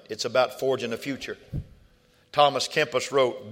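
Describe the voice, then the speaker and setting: A middle-aged man, a pastor, preaching a sermon with call-and-response, surging loud and then dropping soft. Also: medium pitch, unhurried, pauses often.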